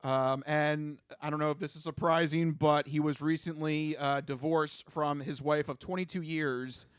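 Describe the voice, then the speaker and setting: A man's voice: fairly high pitch, fairly even intonation, moderate pace, clean tone, no echo. A man co-hosting a podcast in casual, jokey chat who plugs the show at the close. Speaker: podcast co-host.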